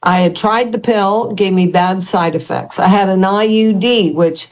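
Older woman, earnest halting testimony, interview guest, mid-pitched voice. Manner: earnest, halting storytelling with many restarts.

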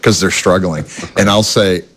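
A man's voice: low-pitched, normal speed, a bit bright. A male host in casual conversation, chatty with folksy asides. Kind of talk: conversational interview.

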